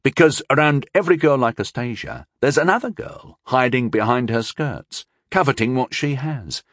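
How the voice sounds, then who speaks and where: A man's voice: mid-range voice, normal speed, dry recording, clean studio sound, natural voice. A man voicing a confident young scholar who lectures his friend in a knowing, wry way. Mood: earnest.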